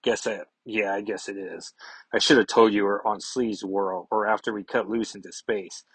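Read as a man doing a blunt, gruff mutant brawler: keep it low, husky and curt. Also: steady tone, normal speed, a bit bright, no room sound, rough recording. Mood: grim. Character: gruff blunt adult male mutant fighter.

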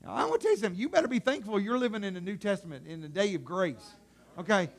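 High-voiced preacher, animated and dramatic. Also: male voice, very fast. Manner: dramatic and animated, swinging from shouts to hushed tones; colloquial, acts out God's voice. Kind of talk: sermon.

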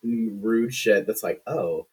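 Husky-voiced man, rambling film recap. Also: on the low side, lively intonation, a little fast. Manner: rambling, profane, filler-heavy storytelling. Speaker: podcast co-host. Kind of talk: casual film recap chat. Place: room shared with co-host. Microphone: shared computer setup.

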